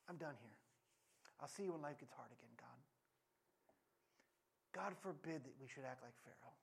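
A man preaching a sermon, mixing personal stories with scripture. His voice leaps up and cracks when a story gets excited, then drops low and quiet for serious points. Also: slightly rough. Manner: animated, voice jumps up and cracks when telling stories.

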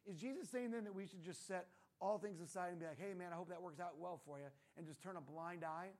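A man's voice: high voice, fast, a little mellow. A male pastor giving a casual, conversational sermon in a church room, often tossing in rhetorical questions like "right?".

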